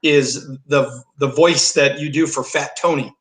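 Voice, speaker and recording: A man's voice: medium pitch, fairly even intonation, measured pace, a bit bright. A man co-hosting a radio interview, asking his guest easygoing, admiring questions. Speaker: guest co-host. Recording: roomy echo.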